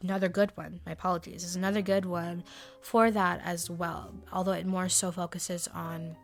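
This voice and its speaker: Woman with a low gravelly voice chatting about books, lots of ums, whispers little asides, faint music behind. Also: flat delivery, normal speed. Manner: chatty, rambling with fillers and self-corrections; drops into soft whispered asides. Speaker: book review vlogger. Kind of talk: casual chat.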